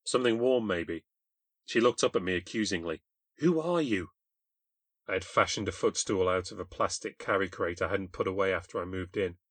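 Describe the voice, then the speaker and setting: A man's voice: low voice, steady tone, fast, hardly any pauses, fairly bright tone, dry recording. A man with a British accent narrating a first-person ghost story in a wry, confessional, scripted manner. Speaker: podcast host and narrator.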